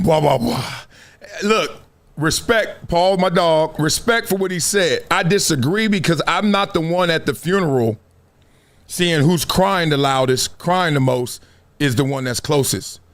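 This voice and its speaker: A man's voice: a little slow, fairly bright tone. A middle-aged man hosting a sports talk show, giving emphatic commentary that builds like a sermon. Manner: emphatic, preacher-like build-ups, pitch climbing into cries. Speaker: show host.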